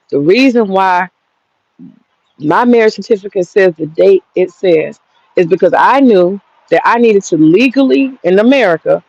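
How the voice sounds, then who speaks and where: A woman in her thirties rants at a critic in a profane, combative way. Her voice has a gravelly fry. The recording is dry and close but dull and lo-fi. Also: medium pitch, darkish tone, no echo. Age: 30s. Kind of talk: heated casual rant. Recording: dull lo-fi sound.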